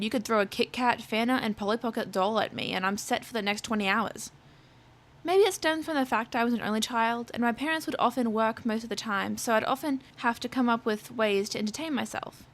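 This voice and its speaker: A woman's voice: a little high, fairly bright tone. A young adult woman telling a storytime rant in a sarcastic, profane way. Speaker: vlogger.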